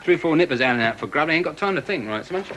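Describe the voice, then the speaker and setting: An actor playing a cocky, mocking young soldier. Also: male voice, a little high, lively intonation, fairly bright tone, a little hiss or hum, low-quality recording. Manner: sneering, mocking, quick-tongued. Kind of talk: 1980s television drama acting.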